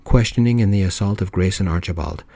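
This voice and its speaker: A stern male police officer laying out the law in a steady, formal way, as a soft-spoken storyteller puts him on. The voice sits very low and mellow. The recording is close and dry. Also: fast, creaky, no room sound. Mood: firm. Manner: formal, steady, reads out rules.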